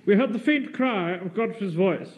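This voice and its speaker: An actor playing a pompous, self-important middle-aged Home Guard captain who narrates a radio script. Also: male voice, high voice, animated, moderate pace. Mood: indignant. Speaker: officer reading a radio script. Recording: hissy old radio recording.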